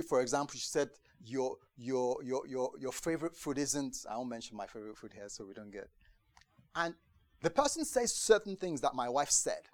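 A man preaching a conversational sermon to a congregation, lively and chatty, acting out the voices he quotes and often asking if they understand. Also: medium pitch, no echo. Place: church gathering in the UK.

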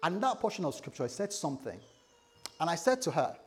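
Playful pastor with a lively voice. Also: male voice, a little high, fast. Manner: playful, jokes with the congregation. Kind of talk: sermon. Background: congregation laughing.

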